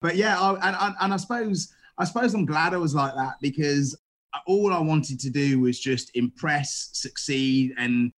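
A middle-aged man, a chef, telling stories in a casual interview, animated and full of restarts. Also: fairly high pitch, moderate pace. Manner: animated, acts out quoted dialogue, frequent restarts. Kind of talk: casual storytelling.

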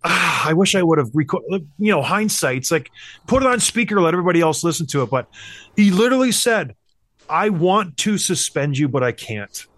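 A man's voice: fairly high pitch, big pitch swings, fairly quick, a bit bright, dry recording. A man in his thirties telling a hockey story in casual chat, acting out the voices of the people he quotes. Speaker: podcast host, former hockey player.

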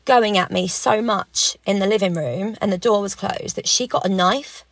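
A young woman with a gravelly, creaky voice, talking candidly as a podcast guest about her own experiences. She talks in loose, filler-filled sentences. The sound is dry and close. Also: mid-range voice, normal speed, no room sound. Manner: candid, recounting events with many fillers and quoted dialogue. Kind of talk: personal story in a podcast conversation.

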